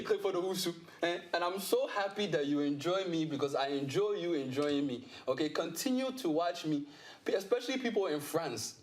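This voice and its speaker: Brief: man doing a high, hammy heavy-accent persona, loud and sing-song.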